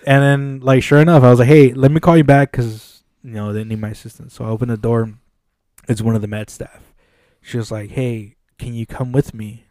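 Man, podcast co-host, casual storytelling, acts out voices, swears a lot, mellow tone, dry studio sound. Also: medium pitch, fairly quick, no echo. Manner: animated, acts out quoted dialogue, frequent swearing. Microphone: studio mic.

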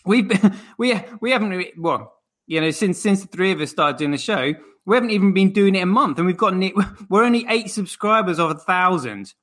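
Bright-voiced British man chatting. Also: sits high, animated, a little fast. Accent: British English. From Britain. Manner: laughs between words, rambling. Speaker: co-host of a crypto live stream. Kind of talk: casual live-stream chat.

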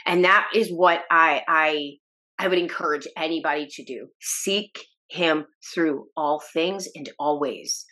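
A woman with a slightly low voice shares her personal faith story as a podcast guest. She speaks earnestly and emotionally, often restarting her sentences and breaking into small laughs. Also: a little slow, sharp tone. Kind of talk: personal testimony in a podcast interview.

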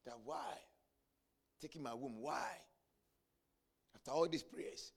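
A man preaching a sermon, telling a story and building to shouted climaxes. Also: mid-range voice, animated, slow pace, vocal fry, slightly rough. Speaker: pastor.

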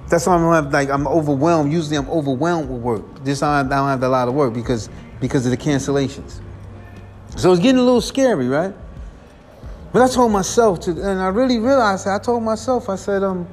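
A man with a rather high voice rambles through an earnest, casual monologue as a podcast host. He sounds weary and keeps circling back with repeated phrases and a steady "man" at the end of his lines. Soft music plays faintly behind him. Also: fairly quick.

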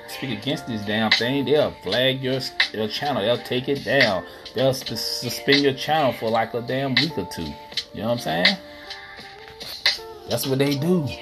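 Ranting man with music behind. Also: medium pitch. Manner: profane, rhetorical, addresses listeners as y'all. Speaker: podcast host. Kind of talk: casual solo rant. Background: music playing.

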